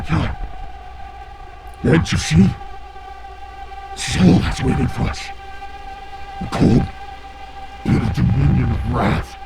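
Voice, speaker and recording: A man's voice: mid-range voice, vocal fry, a little mellow, exaggerated voice. A man playing a raving young man gripped by wrath, ranting and menacing. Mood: eerie.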